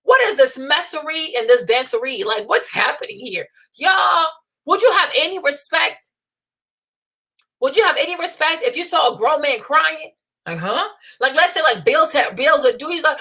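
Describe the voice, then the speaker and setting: A young adult woman hosting a talk stream, blunt and scolding, with animated rants and mocking voices when she quotes people. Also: sits high, normal speed. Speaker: host. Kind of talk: unscripted opinion livestream.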